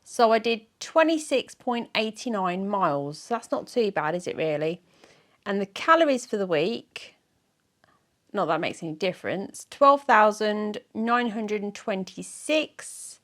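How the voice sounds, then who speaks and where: A woman's voice: mid-range voice, expressive, measured pace, fairly bright tone. A woman in her forties chatting casually in a vlog, reading out her week's diary in a rambling, self-mocking way. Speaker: weight-loss vlogger.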